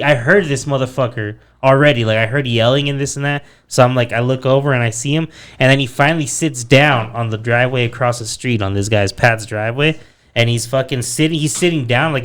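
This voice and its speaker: A young man on a casual podcast, telling a story in an animated, profane way and acting out what people said. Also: medium pitch.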